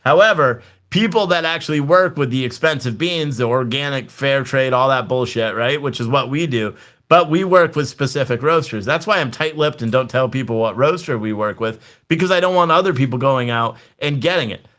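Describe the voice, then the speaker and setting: Profane ranting man, bright voice. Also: mid-range voice, a little fast. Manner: chatty, talks to viewers in the chat. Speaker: livestream political commentator. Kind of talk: casual ranting livestream commentary.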